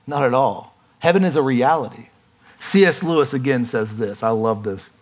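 A man preaching a sermon in a lively, conversational way, acting out quick voices for the people in his stories. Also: mid-range voice. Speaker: pastor.

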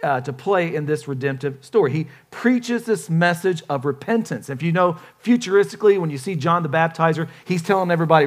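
A man preaching a sermon as pastor, casual and joking, with lively emphasis. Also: a little high, fast talker, hardly any pauses.

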